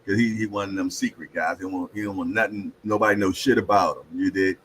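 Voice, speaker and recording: A man's voice: deep voice, fairly even intonation, fast, fairly bright tone, slight background noise, rough recording. A middle-aged man hosting a casual hangout show, joking loosely in slang and telling stories with frequent laughs. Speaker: host. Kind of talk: casual chat and storytelling.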